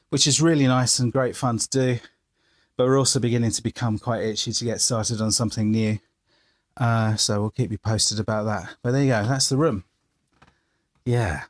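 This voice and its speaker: A man gives a casual walkthrough of his music studio, explaining his gear piece by piece in a chatty way. His voice sits at an ordinary middle pitch, and the sound is an indoor studio room. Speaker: musician giving a studio tour.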